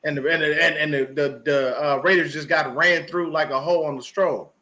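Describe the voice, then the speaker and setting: A man's voice: on the high side, steady tone, normal speed, sharp tone. A man on a podcast ranting about a football game, profane and emphatic, repeating his points. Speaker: podcast guest. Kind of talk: fired-up sports podcast rant.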